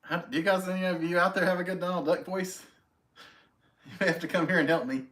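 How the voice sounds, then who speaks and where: A man's voice: high voice, steady tone, fast, fairly bright tone. A man hosting a casual live stream at home, greeting viewers by name and chatting in a friendly, self-deprecating way. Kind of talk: casual chat reading viewer comments.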